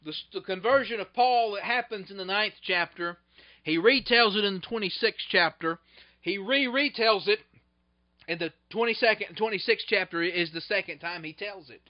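A man preaching a sermon in a high voice. He swings between loud, urgent bursts and quiet, drawn-out phrases. The recording sounds muffled and lo-fi. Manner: preaching with sudden loud swells and soft, slowed drops.

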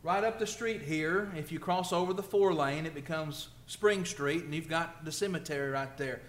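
A man's voice: a little high, moderate pace, echoey room. A male preacher delivering a conversational sermon, asking rhetorical questions and building emphasis. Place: church.

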